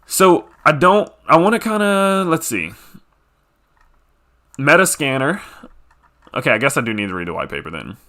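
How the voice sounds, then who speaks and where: A young man hosts a casual crypto video. He reads a white paper aloud and keeps breaking in with quick, excited reactions. His voice moves up and down a lot as he talks. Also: medium pitch. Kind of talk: casual screen-share commentary, reading a white paper aloud.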